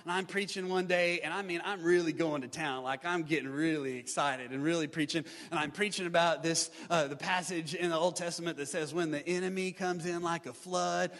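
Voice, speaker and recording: A male pastor giving a live sermon, building to shouted emphasis with repeated refrains. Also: a little high. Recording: live sermon in reverberant hall.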